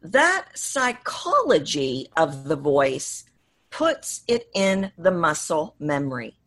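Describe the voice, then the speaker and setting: Woman voice coach, super animated, swoops all over when she talks, guest on a show. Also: low voice, slow pace. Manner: animated, demonstrates voices mid-sentence. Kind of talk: interview guest explaining.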